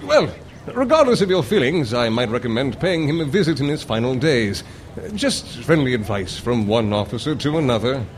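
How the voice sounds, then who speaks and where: An actor playing a jovial, chummy upper-class British army officer with a put-on British accent. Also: male voice, mid-range voice, sing-song, moderate pace, a little hiss or hum, lightly acted. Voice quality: chummy, plummy.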